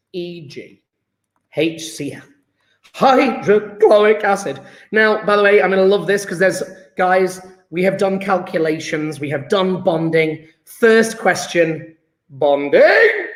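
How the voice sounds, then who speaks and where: Upbeat male chemistry teacher, high voice, echoey room, lively and encouraging. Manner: chatty, enthusiastic, praising students by name. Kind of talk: live online lesson. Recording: roomy echo.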